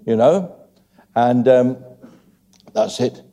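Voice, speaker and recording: A man's voice: on the high side, normal speed, long pauses, dark tone. An older man preaching a sermon and making chatty joking asides to the congregation. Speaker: pastor. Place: church hall. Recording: long church hall reverb.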